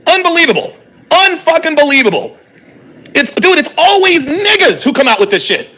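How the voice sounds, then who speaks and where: Speaking at a normal pace, a man with a very high voice reacts heatedly on a live stream. His bright, cutting delivery turns exasperated and profane as he reads viewer comments aloud and fires back at them in an animated way.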